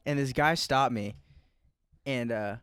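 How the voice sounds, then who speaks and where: A man's voice: medium pitch, takes it slowly, fairly bright tone, clear, resonant tone, no echo, studio quality. A young man telling loose anecdotes in casual chat, blunt and joking, with many fillers.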